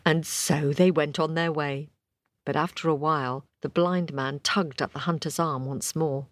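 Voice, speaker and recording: A woman telling a folk tale to an audience, expressive and rhythmic, with repeated phrases. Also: deep voice, unhurried, dry recording. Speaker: storyteller. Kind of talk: oral storytelling to an audience.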